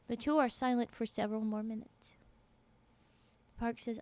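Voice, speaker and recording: A woman streamer with a high voice reads a story aloud, breaking off for lively asides to her chat. She sits close to the microphone, and the sound is dry with no room around it. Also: normal speed, long pauses, dry recording. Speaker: streamer reading stories. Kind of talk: live-stream story reading.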